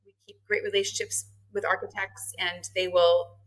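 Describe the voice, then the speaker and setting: A middle-aged woman, a guest on a podcast, telling her story in a casual interview, lively and quick to laugh, acting out the dialogue she quotes. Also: medium pitch, low-quality recording. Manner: animated, acts out quoted dialogue, laughs often. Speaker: marketing and HR head, podcast guest.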